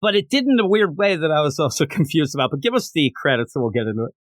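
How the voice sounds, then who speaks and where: Animated joking male podcast co-host. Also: on the high side, fast talker, no room sound, clean studio sound. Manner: animated, joking, swears casually. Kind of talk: casual comic review chat.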